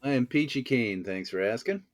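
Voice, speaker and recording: A man's voice: medium pitch, expressive, moderate pace, crowd noise. A man guesting on a video-call interview from a room at home, telling stories in a wry, theatrical way with vivid wordplay. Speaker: actor guest. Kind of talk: casual interview chat. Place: home room with bookshelf backdrop.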